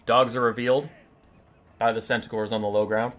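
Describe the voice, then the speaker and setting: Bright, irreverent male game commentator. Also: medium pitch, fairly quick. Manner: animated, irreverent, swears casually. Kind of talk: casual gameplay commentary and storytelling.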